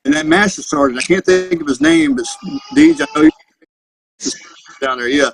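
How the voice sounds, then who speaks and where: A man's voice: on the high side, huge pitch swings, moderate pace, creaky, faint music behind, poor audio. A Marine veteran in his thirties, a podcast guest telling profane, rambling anecdotes in a casual chat. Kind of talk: casual storytelling.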